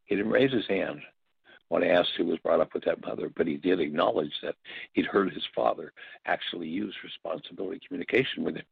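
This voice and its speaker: An older man leading a workshop, telling stories and teaching in a reflective, halting way with pauses and restarts. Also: low voice, gravelly, husky, no echo. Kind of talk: spoken teaching talk with stories. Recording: dull, dry lo-fi audio.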